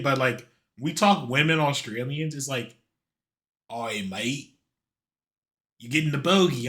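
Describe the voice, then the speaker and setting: A man's voice: on the high side, bright, forceful tone. A man casually commenting on a video as a streamer, slangy and joking.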